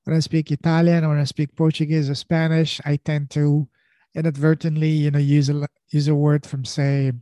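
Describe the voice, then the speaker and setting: A man's voice: a little high, level tone, normal speed, warm tone, no room sound. A man, a podcast guest chatting casually with frequent restarts and fillers. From France. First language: French. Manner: rambling, many restarts and fillers. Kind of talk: casual conversation.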